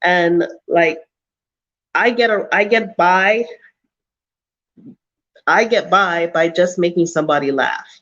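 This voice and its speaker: A woman's voice: fairly low pitch, takes it slowly, long pauses, a bit bright, muffled recording. Emphatic woman lecturing her livestream viewers. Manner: emphatic, preachy, repeats herself for stress. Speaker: vlogger answering live chat. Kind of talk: casual livestream advice talk.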